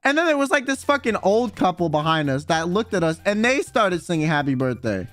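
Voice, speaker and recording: A young man streaming, telling a funny story in casual chat, excitable and swearing a lot as he acts out what people said. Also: high-pitched. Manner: excitable, swears a lot, quick quoted voices.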